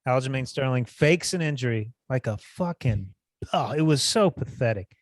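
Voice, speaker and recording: A man's voice: mid-range voice, normal speed, no room sound, studio quality. Blunt, profane male podcast co-host. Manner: blunt, profane, animated when mocking others. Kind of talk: casual chat.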